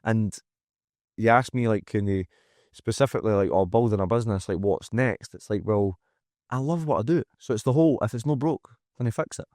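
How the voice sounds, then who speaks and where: On a candid podcast, a Scottish gym owner talks briskly in a fairly low, slightly mellow voice. Frank and emphatic, he swears freely and acts out what others say. The sound is dry, from a close-miked studio.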